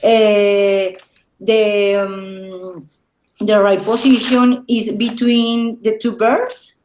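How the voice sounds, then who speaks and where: Very slow, hesitant woman student. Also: medium pitch, fairly even intonation, a little mellow. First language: Spanish. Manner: hesitant, many "eh" and "um" fillers. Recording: echoey room.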